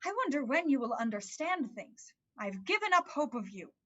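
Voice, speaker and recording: A woman's voice: on the high side, big pitch swings, moderate pace, bright, forceful tone, heavily acted. A woman voicing a flustered, fussing mother in an amateur online play reading, evasive and bustling. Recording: dull lo-fi sound.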